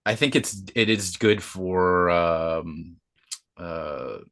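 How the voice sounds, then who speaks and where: A man from Canada chatting as a guest, hesitant, with many pauses and fillers. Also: low-pitched, crowd noise. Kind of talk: casual chat.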